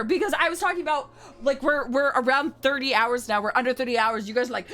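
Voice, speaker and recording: A woman livestreamer chatting casually to her viewers. She is excitable and swears a lot, swinging between shouting and mumbling. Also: sits high, quick pace, hardly any pauses.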